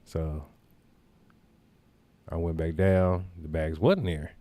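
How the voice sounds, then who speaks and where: A man's voice: low-pitched, steady tone, takes it slowly, warm tone, no echo. A man hosting a podcast, telling a rambling, profane anecdote in casual chat with lots of asides. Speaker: podcast host. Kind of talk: casual storytelling.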